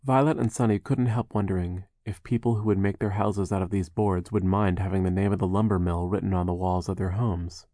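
Deep-voiced man reading a storybook. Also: steady tone, warm tone, no room sound, clean studio sound. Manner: measured storytelling, wry asides. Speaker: audiobook narrator. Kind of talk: scripted narration.

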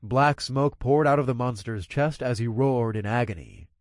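A man reading an audiobook in the first person, telling an action scene with expressive, energetic storytelling. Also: medium pitch, normal speed, no echo, studio quality. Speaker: narrator. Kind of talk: audiobook narration.

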